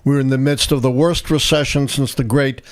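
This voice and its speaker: A man's voice: mid-range voice, a little fast. An older man, a historian co-hosting a live election stream, telling a story and acting out the quotes. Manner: animated anecdotal storyteller, acts out quotes. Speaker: host, historian.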